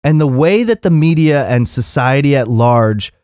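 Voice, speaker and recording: A man's voice: mid-range voice, expressive, normal speed, a little mellow, no echo, studio quality. A man in his thirties ranting in an impassioned, profane monologue as a podcast host. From Philadelphia area.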